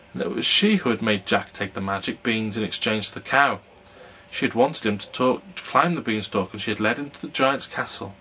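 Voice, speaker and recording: A man reads a fairy tale aloud in an unhurried storyteller's manner. His voice is mid-pitched with a bright, forceful tone. A faint hiss runs underneath. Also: rough recording.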